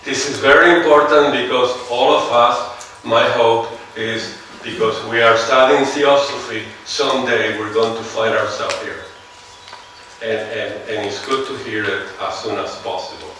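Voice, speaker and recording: A man with a non-native English accent giving a seminar lecture, musing slowly and often putting rhetorical questions to his audience. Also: medium pitch, steady tone, bright, forceful tone, slight background noise. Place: large lecture hall. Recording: echoey hall, heard from far off.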